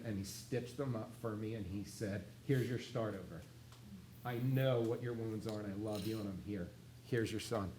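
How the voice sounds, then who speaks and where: A middle-aged man giving a personal faith testimony, animated in places and hushed and earnest in others. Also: medium pitch, a little hiss or hum. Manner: animated, shifts between excited and hushed earnest tones.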